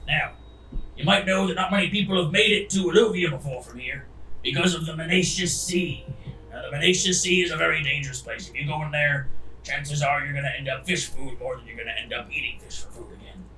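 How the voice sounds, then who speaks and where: A man's voice: a little high, fairly quick, sharp tone, reverberant, recorded from a distance, a little hiss or hum, low-quality recording. A man voicing a boisterous ship captain. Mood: addressing crowd.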